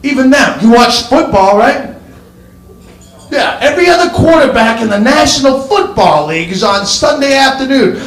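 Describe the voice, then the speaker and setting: A man's voice: very high voice, expressive, normal speed, a bit bright, roomy sound. A male stand-up comedian on stage, ranting sardonically and swearing freely into a handheld mic.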